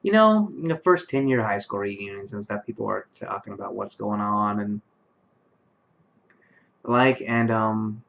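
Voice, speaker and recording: A sleepy man in his late twenties rambles to his webcam from his bedroom, full of ums and restarts. His voice sits fairly low. The built-in webcam mic makes it sound muffled and lo-fi. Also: measured pace, vocal fry, a bit bright, a little hiss or hum. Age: late 20s. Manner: rambling, many fillers and restarts. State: tired, yawning late at night. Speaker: vlogger. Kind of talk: casual talk to camera. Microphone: webcam microphone.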